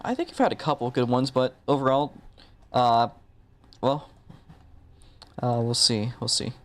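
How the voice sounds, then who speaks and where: A man's voice: medium pitch, fairly even intonation, a little slow, fairly bright tone. Joking casual stream host, a man. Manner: joking, offhand, loose questions. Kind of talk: casual live-stream interview.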